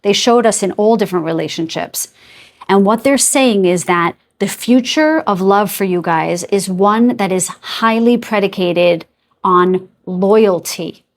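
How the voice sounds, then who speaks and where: With a mid-range voice and measured pace, a female tarot reader delivers an intuitive reading straight to camera. She rambles in a chatty way, hunting for words as she goes, and breaks off between remarks to ask her spirit guides what messages they have.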